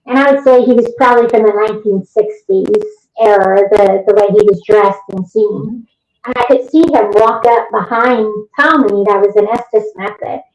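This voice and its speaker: A woman telling a story as an interview guest, lively and vivid. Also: medium pitch, normal speed. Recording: roomy, muffled remote recording.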